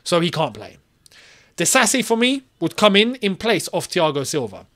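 A man hosting his own football channel, ranting in an animated, exasperated way and firing off rhetorical questions. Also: high-pitched, moderate pace. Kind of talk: solo football opinion vlog.

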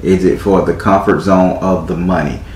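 A man's voice: low-pitched, steady tone, normal speed, a little mellow, echoey room, rough recording. A man doing a live tarot reading in a theatrical, teasing way, swearing freely as he talks to a client. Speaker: tarot reader.

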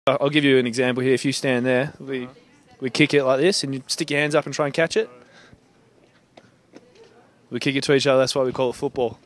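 A man's voice: medium pitch, steady tone, fast, long pauses, a little hiss or hum. A young man with an Australian accent asking students casual questions, joking and laughing often. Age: young adult. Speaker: interviewer. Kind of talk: casual street interview.

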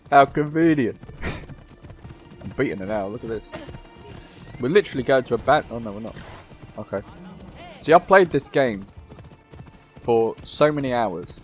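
A man's voice: mid-range voice, very animated, normal speed, pauses often, soft background music. A man giving casual, joking gameplay commentary, swearing freely as he plays. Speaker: gameplay YouTuber.

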